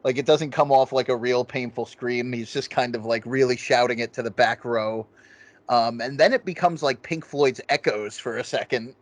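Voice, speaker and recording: A man's voice: medium pitch, fairly even intonation, normal speed, no echo. A man co-hosting a podcast, chatting loosely about a film and swearing freely as he rambles. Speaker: podcast co-host. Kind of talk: casual film review chat.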